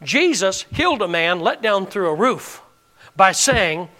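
A man preaches to his congregation in a high, ringing voice. He leans into phrases for emphasis and keeps firing direct questions at his listeners. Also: sing-song, unhurried, bright, forceful tone. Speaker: pastor. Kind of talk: sermon.

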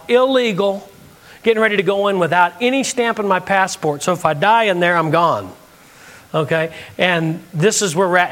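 A man's voice: high voice, a bit bright, in a large hall. A man preaching a sermon from the United States, telling a story and acting out the dialogue.

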